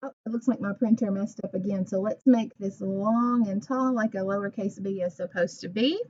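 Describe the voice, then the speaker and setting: A woman teaching a phonics lesson to young children, speaking clearly, modeling sounds and encouraging them. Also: medium pitch, steady tone, moderate pace, a little mellow, muffled recording.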